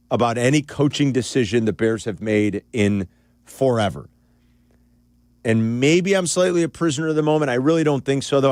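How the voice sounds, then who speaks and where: A man co-hosting sports radio, breaking down the game with candid, animated opinions. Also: mid-range voice, no room sound. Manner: animated, candid analysis with asides. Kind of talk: casual sports talk. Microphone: studio broadcast mic.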